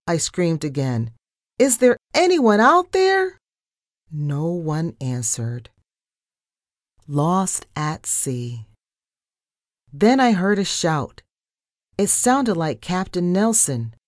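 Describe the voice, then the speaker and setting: Low, expressive woman reading a story. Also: no echo, clean studio sound. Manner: expressive, dramatic narration. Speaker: storybook reader. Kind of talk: children's story read aloud.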